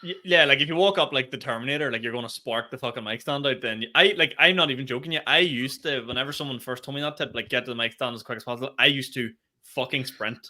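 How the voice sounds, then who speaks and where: A young man co-hosting a comedy podcast, telling animated stories in casual chat and swearing freely. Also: medium pitch, fast talker, hardly any pauses.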